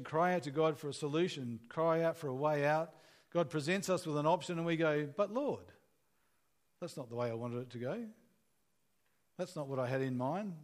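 A man preaching a sermon in an earnest, conversational way, asking the listeners questions as he retells a scripture story. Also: medium pitch.

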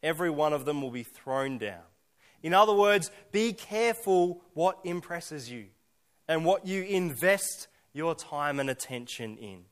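A pastor preaching a sermon, earnest, with slow emphatic lists and rhetorical questions. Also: male voice, fairly high pitch.

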